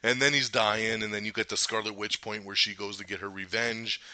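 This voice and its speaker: A man hosting a casual movie review podcast, talking in an excited, rambling way and laughing often. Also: fairly low pitch, a little fast, no echo. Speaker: podcast host.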